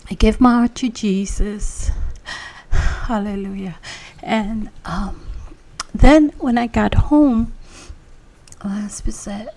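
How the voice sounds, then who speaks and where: Woman telling her church testimony, warm low-key tone, breathy half-whispers. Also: slow pace, pauses often. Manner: emotional storytelling, often dropping to a breathy whisper. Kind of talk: personal faith testimony.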